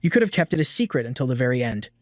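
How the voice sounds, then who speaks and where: A man voicing a menacing male assassin with a low, threatening delivery. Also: very animated, very fast, dry recording, clean studio sound, lightly acted.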